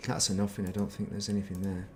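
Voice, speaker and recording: A man's voice: low voice, monotone, fast talker, slight background noise. A middle-aged man chatting casually while streaming a game, rambling and reminiscing and muttering to himself. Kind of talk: casual gaming stream chat.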